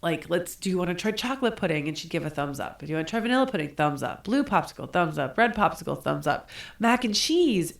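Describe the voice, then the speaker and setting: Woman, middle-aged, podcast co-host, gravelly low voice, animated storytelling. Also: quick pace. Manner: animated, acts out quotes with laughter. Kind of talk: casual storytelling chat.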